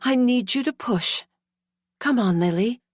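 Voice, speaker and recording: A woman's voice: low-pitched, steady tone, fast, warm tone, breathy edge, dry recording, clean studio sound. Woman doing a firm, urgent delivery-room coach. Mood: urging.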